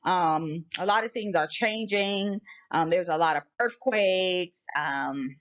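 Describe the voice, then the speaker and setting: A woman's voice: fairly low pitch, takes it slowly. An American woman hosting a casual vlog, speaking emphatically and preachily with many repeated rhetorical questions. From United States. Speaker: channel host. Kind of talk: casual spiritual warning vlog. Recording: slightly muffled lo-fi audio.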